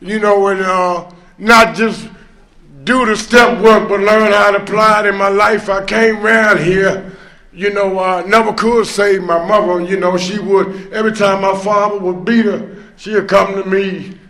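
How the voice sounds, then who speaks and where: Sharing his own recovery testimony at a meeting, a man speaks in a high, bright voice with fairly even intonation, unhurried and conversational, his talk full of fillers. Storyteller-style, he breaks into loud, emphatic moments and rueful laughs, and the sound is roomy and reverberant, like a meeting room.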